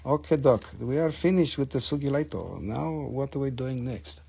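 A man selling minerals on a live stream, talking casually and excitably to viewers, swearing and joking as he shows each piece. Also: mid-range voice, moderate pace, vocal fry, breathy edge. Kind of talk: casual live-sale patter.

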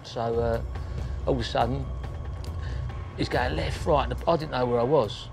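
A man's voice: mid-range voice, gravelly, a little mellow, faint music behind. A man bluntly recounting his own story in casual talk, swearing often and acting out what people said. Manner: blunt, swearing, acts out scenes with quick quoted voices. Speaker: interviewee recounting his crimes.

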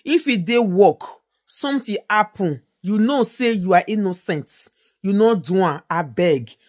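A woman's voice: medium pitch, animated, unhurried, a little mellow. A woman giving an earnest, casual introduction to a video.

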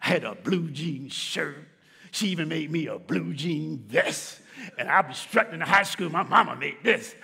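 In a church sanctuary, a middle-aged pastor gives an expressive sermon a little slowly, his high male voice carrying vocal fry and a breathy edge. Pitch jumps and drops dramatically as he alternates between shouts and hushed low lines, with long hall reverb lingering behind.

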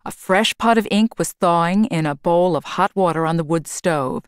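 A woman reads a children's storybook aloud slowly and carefully, her voice lowish and very clear. The sound is dry and close to the mic, with nothing behind it. She reads for a class. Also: no echo. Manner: slow, careful read-aloud. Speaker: teacher.

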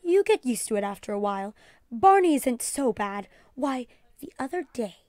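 A woman's voice: a little high, lively intonation, normal speed, a bit bright, no room sound. A woman doing a firm, dry-toned mother. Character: firm, patient mother, woman, middle-aged.

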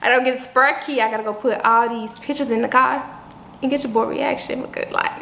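A young woman hosting a vlog, talking slangy and animated to her followers. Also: fairly high pitch, a little fast, gravelly, a little hiss or hum. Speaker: vlogger, host. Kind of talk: casual chat to camera. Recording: echoey room.

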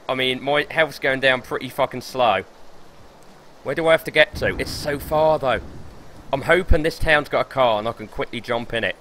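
A young man streaming gameplay live, excitable and swearing as he talks himself through the match. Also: medium pitch, moderate pace, slight background noise. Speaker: gaming streamer.

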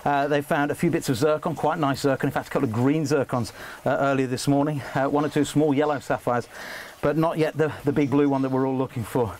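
A man's voice: mid-range voice, steady tone, fast talker, hardly any pauses, darkish tone, a little hiss or hum. A man from England presenting on location from an underground mine, chatty and curious. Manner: chatty, curious, asks many questions. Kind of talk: casual on-location chat.

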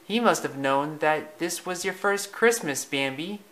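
A man voicing a calm, wise stag father who speaks in a hushed, measured way. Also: on the high side, voice pushed up.

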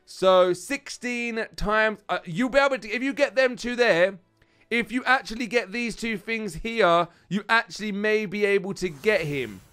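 A British man with a high, smooth, clear voice chats excitably while he plays a mobile game. He talks straight to his viewers as he goes, in a relaxed commentary. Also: unhurried, faint music behind. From United Kingdom. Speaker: gaming channel host. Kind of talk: casual gameplay commentary.

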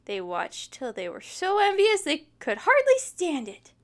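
A woman reading a children's picture book aloud, expressive and adding sympathetic asides. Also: high-pitched, a little slow. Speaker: storytime reader.

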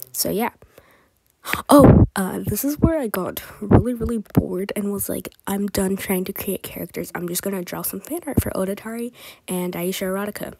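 A woman's voice: mid-range voice, creaky, husky. A young woman casually rambling about school memories over her drawing video, half whispering, giggling, with lots of fillers. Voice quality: soft, partly whispered delivery. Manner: giggly, filler-heavy storytelling. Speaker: art vlogger.

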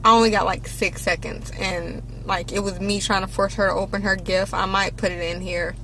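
Woman vlogger, casual rambling chat, mid-range voice, recorded in a car on a handheld cam with steady road noise. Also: medium pitch, normal speed, poor audio. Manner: chatty, rambling, self-deprecating. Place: inside a car while driving. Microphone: handheld camera or phone.

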